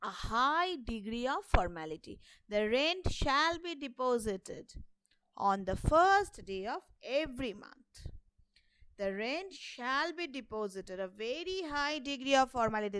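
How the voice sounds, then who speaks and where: A woman's voice: on the high side, a bit bright, clear, resonant tone, no room sound, low-quality recording. A woman with an Indian English accent teaching a grammar lesson, patiently repeating each point and checking in with "okay".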